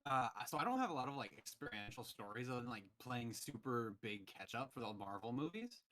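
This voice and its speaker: Bright-voiced young man telling animated stories. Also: mid-range voice, fairly quick. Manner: animated storytelling, acting out quotes. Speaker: podcast host. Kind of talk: casual chat.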